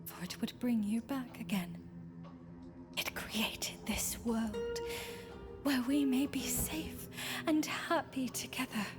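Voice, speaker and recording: Woman playing a devoted but menacing old friend, formal archaic speech, slow measured delivery, breathy whispers, game music underneath. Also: on the high side. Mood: darkly tender. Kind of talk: visual novel voice acting. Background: game soundtrack music.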